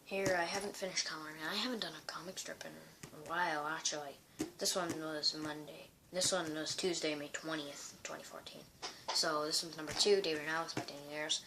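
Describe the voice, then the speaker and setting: A man's voice: a little high, flat delivery, a little fast. Guy chatting thru his homemade comics, lots of ums and restarts, hissy recording. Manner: rambling, with many fillers and restarts. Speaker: amateur comic strip creator. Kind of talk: casual show-and-tell reading of his own comics.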